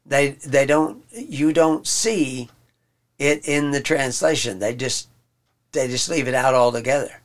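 A man giving an informal Bible study lesson. He pauses often, restarts his sentences and explains the text word by word. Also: medium pitch. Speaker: Bible teacher.

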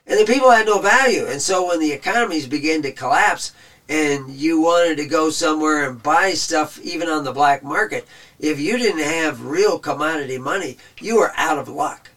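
A man's voice: fairly high pitch, moderate pace, a bit bright, far from the mic. A man giving casual, rambling Bible teaching in a conversational way, his voice wearing thin. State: losing his voice.

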